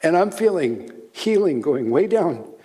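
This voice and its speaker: An older man telling a warm story at a conference seminar, chuckling as he goes. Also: a little high, big pitch swings, unhurried. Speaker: speaker. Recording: long hall reverb.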